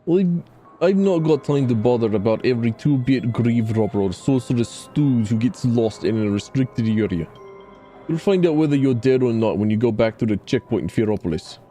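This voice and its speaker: A man's voice: medium pitch, expressive, moderate pace, warm tone, soft background music, close to an everyday voice. A man voicing a stern, menacing male camp leader in a put-on Scottish accent, with clipped, threatening lines. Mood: grim.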